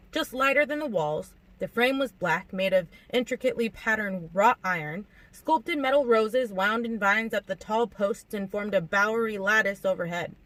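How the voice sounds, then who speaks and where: A woman reading a novel aloud in an audiobook narration, expressive and lively, acting out the dialogue. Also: mid-range voice, rough recording. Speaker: audiobook reader.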